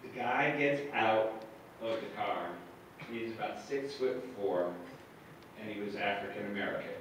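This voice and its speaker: A man's voice: lowish voice, unhurried, noisy background. A man telling a comic, self-mocking story to a live audience from the stage, recorded from far off in an echoey hall.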